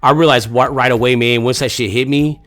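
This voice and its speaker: A man's voice: mid-range voice, fairly even intonation, fairly quick, a bit bright, faint music behind. A man from the United States telling a crude comedic story, profane and rambling with lots of slang.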